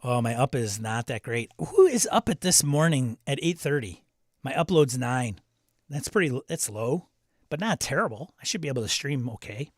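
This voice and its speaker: A man's voice: medium pitch, lively intonation, normal speed, no echo, clean studio sound. A man hosting a live game stream, reading viewer comments aloud and chatting in a loose, self-interrupting way. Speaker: stream host.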